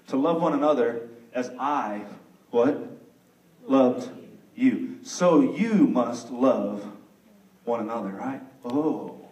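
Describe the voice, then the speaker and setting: A young man preaching a sermon with a Texan accent, acting out the figures of his story with sudden loud bursts. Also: medium pitch, far from the mic. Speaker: pastor. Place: church sanctuary. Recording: echoey room, mic some way off.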